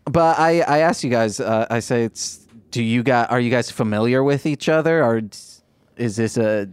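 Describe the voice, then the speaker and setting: A man at a tabletop game rambles and jokes, restarting his sentences. His voice is mid-pitched. The sound is dry and close. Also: normal speed, smooth, no room sound. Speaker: player. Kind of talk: casual tabletop play.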